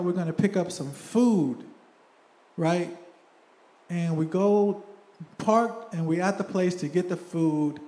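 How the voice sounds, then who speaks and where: A man's voice: high voice, darkish tone, roomy sound. A young man, a church elder, tells a personal story in a sermon, chatty, and keeps asking "right?". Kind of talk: sermon testimony. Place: church sanctuary.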